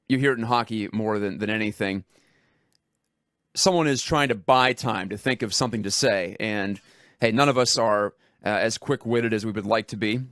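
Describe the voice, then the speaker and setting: Man, radio talk host, lowish voice, dry studio sound, rambling, self-deprecating. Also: fairly bright tone, dry recording. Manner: conversational and rambling, laughs at himself. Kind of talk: casual radio talk monologue.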